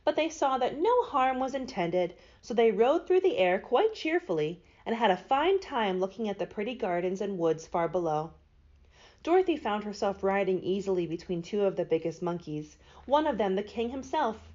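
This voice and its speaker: A woman, a librarian, reads a children's storybook aloud with expressive narration. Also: medium pitch, moderate pace. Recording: dull lo-fi recording.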